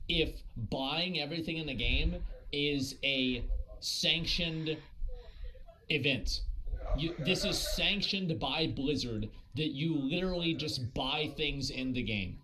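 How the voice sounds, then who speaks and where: A man's voice: fairly high pitch, a little slow, pushed and bright, slight background noise, rough recording. A man streaming live and chatting casually about a game, rambling with lots of filler words and swearing. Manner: rambling, heavy on fillers and profanity. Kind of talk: casual gaming stream chat.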